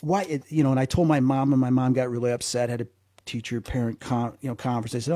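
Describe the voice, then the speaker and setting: A man tells his story in a relaxed conversation, his voice mellow and a little husky. He talks with animated energy, repeats words as he goes and acts out the people he quotes. The sound is dry and close. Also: medium pitch, fast, no echo. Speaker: guest.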